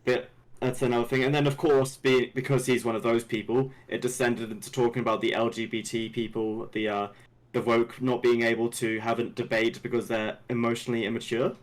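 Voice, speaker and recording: A man's voice: medium pitch, little pitch movement, fairly quick, low-quality recording. Rambling New man telling a story. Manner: rambling, lots of restarts and fillers. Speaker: podcast co-host. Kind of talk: casual storytelling.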